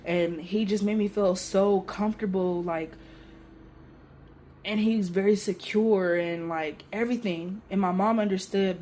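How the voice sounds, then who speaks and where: A young woman telling a personal story on her vlog in a casual, emotional, animated way with everyday slang. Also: lowish voice, a little hiss or hum. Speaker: vlogger.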